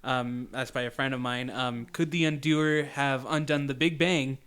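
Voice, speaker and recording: A man's voice: mid-range voice, steady tone, normal speed, fairly bright tone, clear, resonant tone. A man co-hosting a podcast, reading listener questions in a casual, hesitant way. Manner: hesitant, many ums and restarts. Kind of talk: casual chat.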